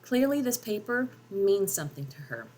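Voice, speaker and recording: A woman's voice: mid-range voice, big pitch swings, normal speed, a little mellow, slight background noise. A woman with a Southern drawl casually explaining how she edits a short story, thinking aloud with frequent ums. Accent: Southern US, North Georgia Appalachian. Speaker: writer and editing teacher. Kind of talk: casual editing tutorial.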